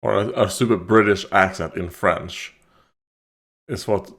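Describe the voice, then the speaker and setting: A man's voice: fairly low pitch, measured pace, fairly bright tone. A man hosting a reaction video, talking casually and thinking aloud, rambling with fillers and laughs. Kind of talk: casual commentary.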